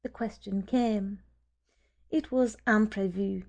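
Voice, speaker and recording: A woman narrating a story in a measured, soft-spoken way, at times nearly whispering. Her voice is dark and mellow with a gravelly fry, pitched at a middle level. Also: steady tone. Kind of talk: audiobook narration.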